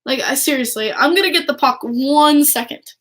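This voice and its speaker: Speaking to her viewers at a normal pace, this young hockey fan vlogger has a fairly high voice. Her casual to-camera chat is gushing and excited, full of restarts and filler words.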